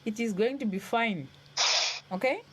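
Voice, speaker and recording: A woman's voice: fairly high pitch, moderate pace, a little hiss or hum. A woman hosting a live call-in stream, reassuring a caller and repeating her phrases for comfort. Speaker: host.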